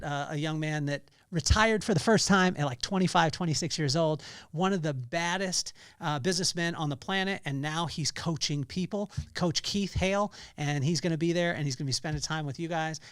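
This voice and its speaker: A middle-aged man hosting a casual solo podcast, telling stories with bursts of excitement and a lot of fillers and restarts. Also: on the high side, no echo, clean studio sound. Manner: animated storytelling with bursts of excitement. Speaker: podcast host.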